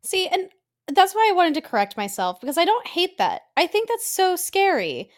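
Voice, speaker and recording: Lively, swearing young woman co-host. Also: very high-pitched, normal speed. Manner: animated, swears freely, jokey reactions. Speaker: podcast co-host. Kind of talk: casual movie discussion.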